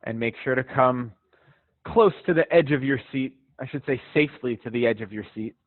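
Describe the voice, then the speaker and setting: A man's voice: medium pitch, normal speed, no echo. Encouraging male stretching instructor on a call. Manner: relaxed, encouraging, chatty with small laughs. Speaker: fitness instructor. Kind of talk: live guided stretching class. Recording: dry tinny phone-like sound.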